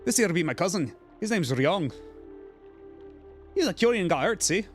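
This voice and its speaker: A man's voice: high-pitched, very animated, moderate pace, soft background music, voice pushed up. A man voicing a protective village mother in a game, in a clumsy attempted Scottish brogue. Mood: caring. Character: protective village mother, stern but caring. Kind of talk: reading game dialogue aloud.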